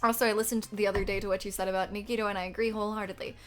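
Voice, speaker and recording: A young woman streaming a game, chatting casually and rambling with fillers and self-corrections, often breaking into loud excited outcries. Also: medium pitch, rapid-fire, soft background music.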